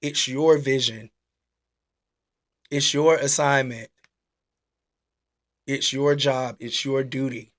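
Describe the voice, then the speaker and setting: A man hosting a casual church-style live talk. He is animated and exclaiming, and he repeats his questions. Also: mid-range voice, slow, pauses often. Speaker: host. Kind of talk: casual preaching live stream.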